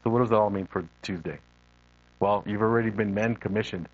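A man's voice: on the low side, fairly quick, muffled recording. A middle-aged man, a lay preacher and missionary, giving an unscripted sermon full of personal stories and acting out the voices he quotes. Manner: earnest storytelling, animated quoted voices.

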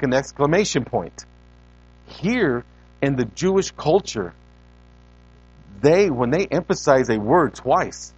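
A man preaching a sermon as a guest preacher in a church, animated and conversational, repeating words for emphasis and talking straight to the congregation. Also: medium pitch, no echo, highs cut off.

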